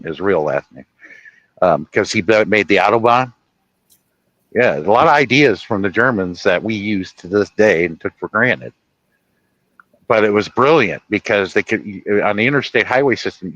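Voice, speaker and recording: A low-pitched man from Ohio rambles casually on a livestream, stopping to correct his own facts. His voice is recorded dry and close, with no room sound. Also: a bit bright, no room sound, dull audio. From Ohio, USA. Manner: rambling, correcting himself mid-sentence. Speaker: livestream host.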